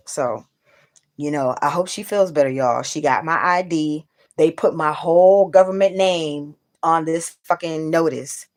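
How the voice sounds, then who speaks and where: A woman's voice: sits low, slow, pauses often. A woman hosting a casual livestream, venting bluntly to her viewers with plenty of profanity. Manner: talks straight to viewers. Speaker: livestream host.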